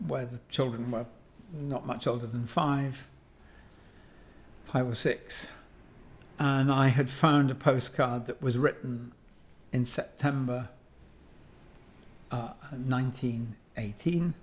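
Taking it slowly with long pauses, a 70-something English guest sculptor thinks aloud about objects, digressing often and filling the monologue with ums and self-corrections. His pitch is medium and his tone steady.

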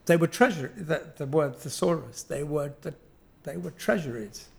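A man's voice: on the high side, expressive, normal speed, creaky. An Englishman in his seventies talking about objects in a reflective, digressive way, full of ums and self-corrections. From England. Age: 70s. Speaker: guest sculptor. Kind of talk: reflective conversational monologue.

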